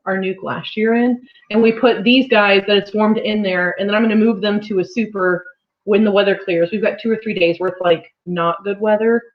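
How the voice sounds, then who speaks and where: A woman chatting casually on a farm livestream, rambling from one story to the next and laughing often. Her voice sits at a middling pitch. The laptop audio is a little dull and lo-fi. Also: fairly even intonation, normal speed. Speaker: farm channel host. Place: home on a farm. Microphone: laptop mic.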